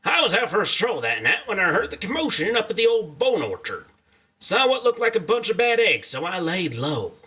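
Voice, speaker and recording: A cheery robot cowboy from a video game, as a man puts him on, drawling out homespun sayings in a raised, bright voice that swings widely up and down. He sounds a bit distant from the mic, as if leaning back from it. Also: high voice, husky, voice pushed up, heavily acted. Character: folksy, friendly male robot cowboy.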